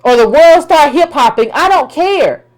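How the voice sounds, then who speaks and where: A woman's voice: high voice, lively intonation, normal speed, darkish tone. A woman political commentator delivering an opinion rant, emphatic and colloquial, repeating herself and firing rhetorical questions.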